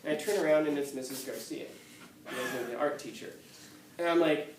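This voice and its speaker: A fast-talking man with a slightly high voice teaches a class through animated stories, performing the quotes and laughing frequently. There's slight background noise, and the echoey classroom is recorded from afar.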